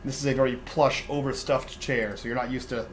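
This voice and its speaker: A man's voice: medium pitch, steady tone, fairly quick, slight background noise, low-quality recording. A man narrating a tabletop role-playing game as dungeon master, describing scenes with frequent restarts and fillers. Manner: descriptive, restarts often with uh and repeated words.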